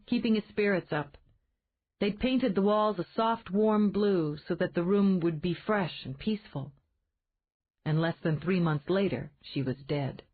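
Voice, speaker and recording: A woman reading a romance novel aloud in measured scripted narration. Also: on the low side. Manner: measured storytelling. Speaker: audiobook narrator. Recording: tinny phone-like band.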